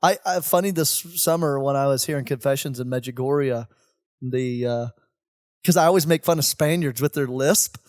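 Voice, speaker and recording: A man, a priest, chatting casually on a podcast, animated and laughing often, with rambling restarts. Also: medium pitch, moderate pace, no echo, studio quality.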